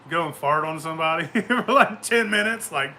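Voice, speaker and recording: A man's voice: on the high side, lively intonation, normal speed, creaky, bright, forceful tone, slight background noise. A man hosting a show, telling rambling stories in a profane, boisterous way and laughing often. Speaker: show host. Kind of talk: casual rambling storytelling.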